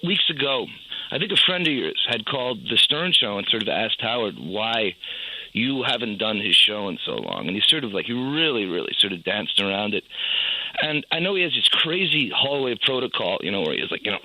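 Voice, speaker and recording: Male radio caller, hesitant and admiring, very bright and sharp voice. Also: fairly low pitch, sing-song, brisk, poor audio. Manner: admiring, hesitant, repeats words. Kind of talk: call-in question.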